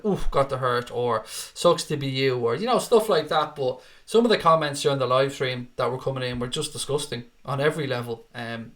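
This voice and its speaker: A man's voice: medium pitch, a bit bright. A man hosting a casual live-stream reaction, reading out viewer comments in an earnest, rallying way and swearing now and then. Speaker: fan channel host.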